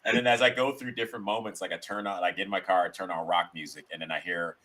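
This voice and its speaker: A low-voiced man with a bright, forward tone, chatting as a podcast guest. He tells his stories loosely, circling back and restarting his sentences as he goes. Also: fairly even intonation, fast talker. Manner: rambling, storytelling with restarts. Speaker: guest, sketch comedian. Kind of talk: casual interview chat.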